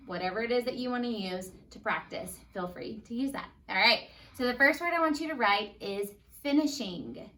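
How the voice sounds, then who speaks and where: A woman's voice: a little high, a bit bright, far from the mic. Upbeat woman teaching phonics to kids. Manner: upbeat, patient, sounds words out slowly. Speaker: first grade teacher. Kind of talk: phonics lesson for young children.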